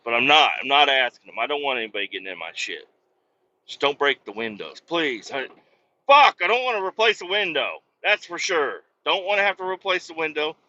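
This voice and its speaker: A man with a bright, forceful voice that swings widely up and down, rambling and swearing as he drives his truck. The sound is a little dull and lo-fi, caught inside the cab of a rig on the highway. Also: slight background noise. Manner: profane, rambling, loud outbursts. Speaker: podcast host. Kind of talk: rambling monologue while driving a truck.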